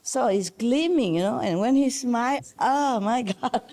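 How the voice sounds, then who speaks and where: A woman's voice: a little high, animated, a little slow, dark tone. Chatty woman telling fond stories, laughing. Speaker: spiritual teacher. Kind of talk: casual storytelling chat.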